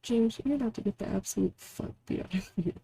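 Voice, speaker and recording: A woman's voice: mid-range voice, quick pace, gravelly, warm tone, slightly rough, no room sound. A woman streaming a story game who reads the narration and comments bluntly, swearing freely, in a wry tone.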